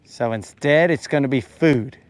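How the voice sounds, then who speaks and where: A man's voice: medium pitch, unhurried, dry recording. A young man casually talking to viewers while fishing, joking around in playful, slangy banter. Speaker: fishing vlogger.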